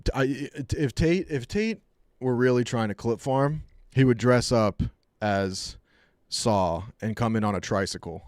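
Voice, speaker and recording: A man chatting casually on a live stream, telling rambling, jokey stories and dropping into quick put-on voices. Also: mid-range voice, darkish tone, dry recording, studio quality.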